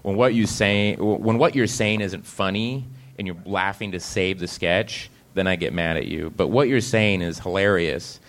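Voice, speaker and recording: A man imitating an older male TV boss who speaks in a calm, dry, level way. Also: deep voice, normal speed, hardly any pauses, voice pushed down. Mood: dry, reassuring.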